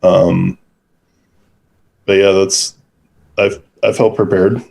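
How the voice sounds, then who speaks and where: A man's voice: deep voice, little pitch movement, slow, creaky, darkish tone. A man guest on a video call, hesitant, with many fillers and easy laughs.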